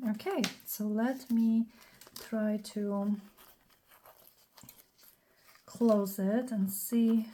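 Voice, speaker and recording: A woman hosting a casual crafting tutorial, thinking aloud in a scratchy, slightly hoarse voice and often clearing her throat. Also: a little high, fairly even intonation, extremely slow, mellow. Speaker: craft channel host.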